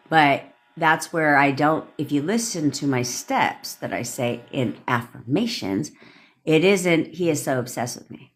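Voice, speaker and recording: A woman's voice: sits low, a bit bright. A woman coaching viewers on a livestream, talking casually and bluntly with plenty of swearing, and answering commenters by name. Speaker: manifestation coach hosting a livestream.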